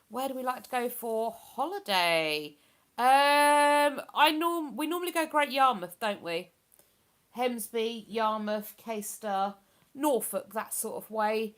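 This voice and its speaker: A woman's voice: mid-range voice, normal speed, a bit bright. Chatty woman hosting a live stream. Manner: chatty, rambling, with many fillers. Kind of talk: casual live-stream chat, reading viewer comments.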